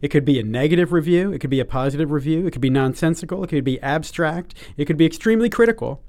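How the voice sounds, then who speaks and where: Podcast co-host, male, joking upbeat delivery, somewhat higher voice. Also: expressive, fast talker, darkish tone. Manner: upbeat, joking, frequent fillers. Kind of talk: casual chat.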